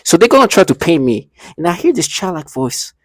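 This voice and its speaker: A man talking to camera in a rambling, halting monologue, restarting and repeating himself often. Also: on the high side, very animated, no room sound, clean studio sound. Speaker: vlogger.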